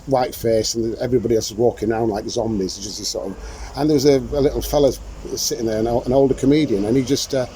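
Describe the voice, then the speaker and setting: A man's voice: medium pitch, steady tone, quick pace, dark tone, slight background noise, rough recording. Older man spinning rambling anecdotes. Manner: rambling anecdotal storyteller, laughs often. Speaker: podcast host. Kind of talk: casual chat. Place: outdoors in the sunshine.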